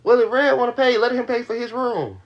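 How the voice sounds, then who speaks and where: A man's voice: very high voice, a little fast, dull audio. A young man venting to his livestream audience in a heated, profane rush, repeating his points. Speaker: livestream host. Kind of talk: venting to a live stream audience.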